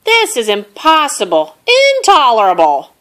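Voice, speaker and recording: A woman voicing a sick, grumpy, self-pitying male bear who complains in a dramatic, rasping way. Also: medium pitch, expressive, slow, pushed and bright. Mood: indignant.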